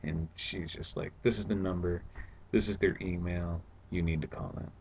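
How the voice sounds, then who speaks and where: Low, creaky-voiced man, casual sarcastic vlogger, dull home recording. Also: steady tone, normal speed, a little mellow, slight background noise. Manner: sarcastic, exasperated retelling. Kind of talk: casual storytelling vlog. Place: at home indoors.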